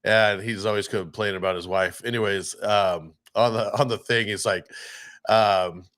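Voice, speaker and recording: A man with a fairly low, fairly bright voice talks at a normal speed with fairly even intonation. He co-hosts a podcast and works as a DJ, rambling through gig stories in casual chat while swearing and acting out the people he quotes.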